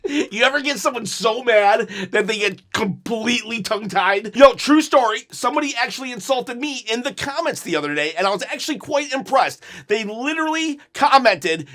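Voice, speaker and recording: Bright, high-voiced man laughing as he talks. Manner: giggly, animated, laughs through his words. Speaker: YouTuber reacting to wrestling clips. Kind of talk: casual reaction commentary.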